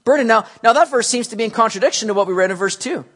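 A man preaching a sermon in a conversational, animated way, often restarting his sentences. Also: extremely high pitch, very fast, husky.

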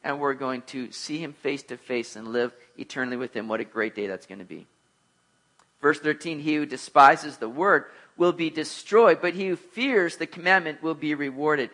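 Bright-voiced man preaching a sermon. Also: a little high, normal speed. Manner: conversational, joking, rising to emphatic exhortation. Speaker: pastor.

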